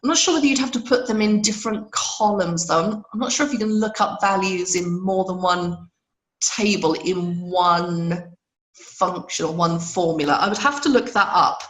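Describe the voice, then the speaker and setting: A woman with a hoarse voice teaching spreadsheet functions in a live webinar, patiently checking in with her listeners. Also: lowish voice, moderate pace, a bit bright, reverberant, poor audio. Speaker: Excel trainer.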